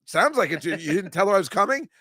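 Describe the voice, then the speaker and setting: An older man hosts a casual chat. He rants and rambles, pokes fun at himself, and his voice sits a bit high and sounds bright. The recording is dry and close, with little room sound. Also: sing-song, fast talker, husky, no room sound. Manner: ranting, rambling, self-mocking. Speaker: host. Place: comedy club studio.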